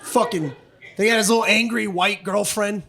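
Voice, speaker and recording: A middle-aged man doing stand-up comedy on a club stage, brash, profane and often shouting. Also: sits high, fairly even intonation, normal speed, creaky, a crowd in the background. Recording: live club audio with background noise.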